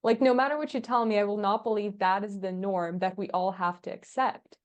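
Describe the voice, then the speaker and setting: A woman's voice: medium pitch, steady tone, a little fast. A woman guest on a podcast, chatting casually and acting out quoted dialogue as she tells stories, laughing often. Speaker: podcast guest, agency founder. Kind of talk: casual interview chat.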